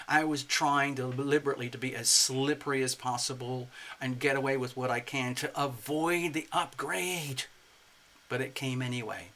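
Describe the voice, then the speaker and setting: A man giving a casual spoken tarot reading in an expressive, playful way, slipping into acted asides. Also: mid-range voice. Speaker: tarot reader.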